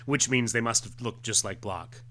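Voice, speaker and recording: A man's voice: mid-range voice, normal speed, sharp tone. A Canadian man co-hosting a podcast, casually reading a comic aloud with fillers and sound effects. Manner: chatty, many fillers, acts out sound effects. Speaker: podcast co-host.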